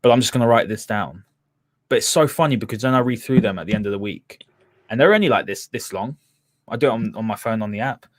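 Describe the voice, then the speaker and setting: A man's voice: fairly low pitch, animated, fast, dry recording. A man speaking as a podcast guest in a frank, earnest way. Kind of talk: candid conversation.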